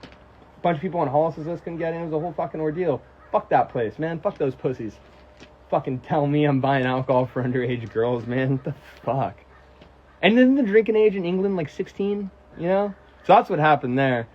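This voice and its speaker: A young man from the United States talks through a livestream Q&A, swearing freely and telling stories with worked-up energy. His voice sits a little high for a man, and the sound is dull and lo-fi, like a phone mic. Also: a little fast. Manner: profane, animated storytelling, answering chat questions. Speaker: musician on a livestream. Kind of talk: casual livestream Q&A.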